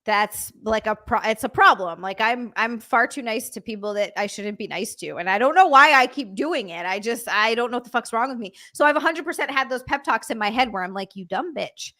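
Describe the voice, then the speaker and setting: A woman's voice: fairly high pitch, animated, a little fast, few pauses, pushed and bright. A young woman hosting her stream, chatting casually, swearing a lot and gushing thanks to her viewers. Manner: profane, laughing, emotional thanks to chat. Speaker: streamer host. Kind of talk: casual chat.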